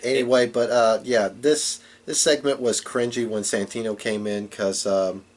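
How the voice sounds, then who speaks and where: A man's voice: mid-range voice, steady tone, moderate pace. A man co-hosting a podcast, casually recapping a wrestling show with lots of ums and uhs. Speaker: podcast co-host.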